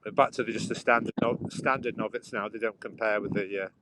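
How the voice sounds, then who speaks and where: A man's voice: on the low side, fairly even intonation, fast talker. Chatty man rambling on a walk. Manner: rambling, chatty, restarts sentences often. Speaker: livestream host. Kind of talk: casual walking livestream chat. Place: outdoors walking by a busy road. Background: traffic and sawing noise.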